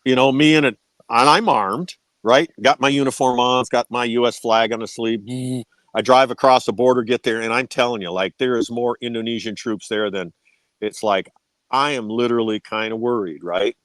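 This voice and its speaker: A man's voice: mid-range voice, fairly even intonation, normal speed, fairly bright tone, dry recording. Man swapping war stories. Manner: swears freely, tags sentences with "right?", restarts words. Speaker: podcast guest. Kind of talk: casual storytelling.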